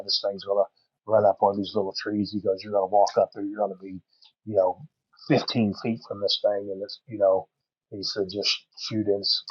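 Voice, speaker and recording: Low-voiced man spinning a folksy hunting tale. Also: slightly rough, no room sound, highs cut off. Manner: rambling, folksy, lots of fillers. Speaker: podcast guest. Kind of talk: casual storytelling.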